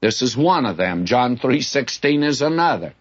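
A man's voice: mid-range voice, very animated, normal speed. An older man teaching the Bible in a sermon, candid and folksy, telling stories from his own ministry. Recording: dull lo-fi recording.

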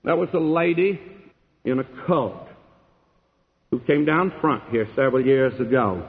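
A man preaching a sermon in a large auditorium, swinging between forceful loud phrases and hushed ones. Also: medium pitch, unhurried. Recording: tinny narrow-band sound with long hall reverb.

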